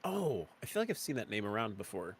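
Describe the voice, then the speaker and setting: A man streaming a game and chatting casually, playful and greeting his chat, his voice leaping up when excited. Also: on the low side, a little fast, gravelly, breathy edge.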